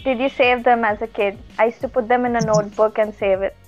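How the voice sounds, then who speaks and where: A woman's voice: fairly high pitch, steady tone, quick pace, dull audio, faint music behind. A woman guesting on a podcast, chatting casually with a playful, sarcastic streak. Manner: playful, sarcastic, laughs often. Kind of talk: casual chat.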